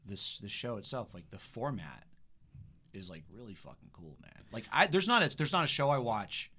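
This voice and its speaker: Laid-back comedian guy, lively, bright voice. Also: medium pitch, moderate pace, a little hiss or hum. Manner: laid-back, swears a lot, says "man" and "dude". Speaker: comedian guest. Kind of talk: casual podcast chat.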